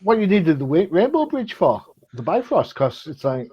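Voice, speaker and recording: A man's voice: sits high, sing-song, normal speed, husky, lo-fi sound. A man, co-hosting a casual comic book chat show, talkative and jokey with frequent ums. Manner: chatty, jokey, lots of ums. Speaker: comic podcast co-host.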